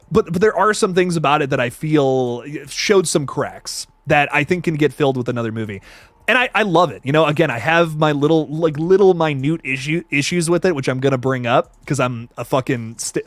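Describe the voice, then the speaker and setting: A young man talks through a livestream with excitable, profane energy, reading out viewer comments and reacting on the fly. His voice sits a little high and swings widely in pitch. The sound is dry and close, with no room around it. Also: moderate pace, no echo. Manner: excitable, profane, reads chat comments aloud. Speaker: horror movie reviewer on livestream. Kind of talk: casual livestream chat.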